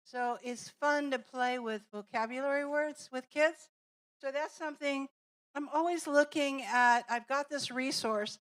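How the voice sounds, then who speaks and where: In a classroom teacher training workshop, a woman with a high, fairly bright voice walks through an activity step by step. She speaks slowly and deliberately, explaining and demonstrating with examples.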